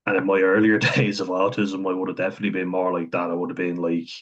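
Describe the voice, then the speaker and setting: A man with a very deep voice talks through his thoughts in a loose, unscripted monologue. His tone is husky and a little breathy, and he chuckles often and pauses to think as he goes. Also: monotone, muffled recording. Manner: thinks aloud, frequent chuckles and ums. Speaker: vlogger talking about autism.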